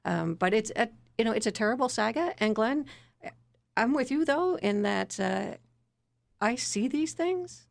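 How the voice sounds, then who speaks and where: A woman councillor speaks casually on a radio panel. Her voice is gravelly and strained, since she is losing it, and the sound is dry and close to the mic. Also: a little high, measured pace, no room sound. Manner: casual, laughs lightly, relaxed delivery. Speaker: city councillor.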